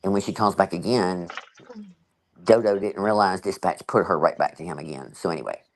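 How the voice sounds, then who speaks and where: A woman's voice: very deep voice, a little fast, a little hiss or hum, rough recording. A woman hosting a casual livestream chat, telling a story with animation and acting out the conversations she quotes. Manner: frequent "you know" fillers. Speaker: channel host.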